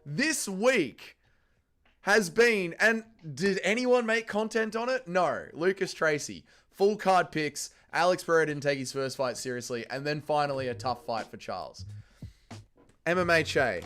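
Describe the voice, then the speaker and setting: A man's voice: a little high, expressive, a little slow, a bit bright. A young Australian man hosting a livestream, chatting casually and reading chat messages in a rowdy, profane way. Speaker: livestream host. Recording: faint music behind.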